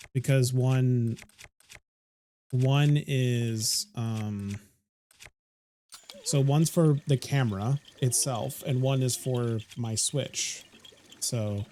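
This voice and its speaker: A man's voice: medium pitch, a little mellow, a little hiss or hum. A man live-streaming a game, chatting loosely with his viewers, often stopping to correct himself. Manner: rambling, self-correcting, talks to chat. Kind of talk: casual live-stream chat.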